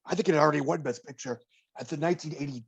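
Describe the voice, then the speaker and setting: A man's voice: fairly high pitch, rapid-fire, creaky, slightly rough, dull audio. A man co-hosting a podcast, giving a box office report in casual chat, wry and digressive, slipping dry jokes between figures.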